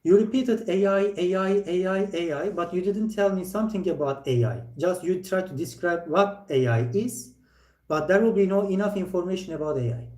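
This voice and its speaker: His voice is mellow and sits high as he corrects a learner during a live IELTS speaking lesson, recorded in an echoey room. The teacher is direct in his feedback, with frequent pauses and the occasional playful remark.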